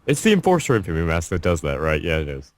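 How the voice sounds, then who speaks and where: A young man co-hosting a casual gaming podcast, teasing and animated. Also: sits low, fast, dry recording. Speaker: podcast co-host.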